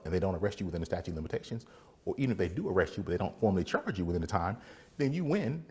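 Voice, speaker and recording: A man, a defense attorney, giving a casual motivational faith talk, animated, laughing often and acting out little scenes. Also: low-pitched, husky.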